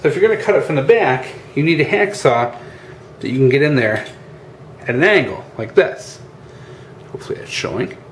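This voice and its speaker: A man's voice: on the high side, big pitch swings, brisk. A man hosting a casual how-to demonstration, chatty and informal, often calling viewers "guys" and using plenty of fillers, recorded outdoors. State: out of breath at times. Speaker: channel host. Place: outdoors at a workbench. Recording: echoey with faint ambient noise.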